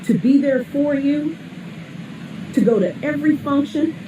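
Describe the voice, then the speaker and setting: A woman ranting bluntly and profanely as a scolding mother. Her voice sits a little high and sounds distant and echoey. Traffic and an air conditioner hum clearly behind her. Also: unhurried, lo-fi sound. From St. Louis area, USA. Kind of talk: angry profane rant.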